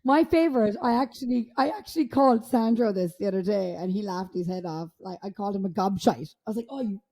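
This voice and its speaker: Mellow-voiced Irish woman podcaster. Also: medium pitch, quick pace. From Ireland. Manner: easygoing, laughing, playful with slang. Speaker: podcast co-host. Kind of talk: casual chat.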